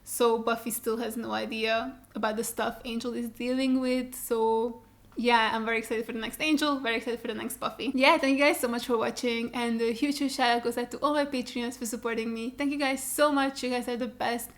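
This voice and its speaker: Young woman, reaction host, casual chat, animated, swears a lot, fairly high voice. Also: brisk. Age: young adult. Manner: animated, swearing freely, mocking voices in quotes.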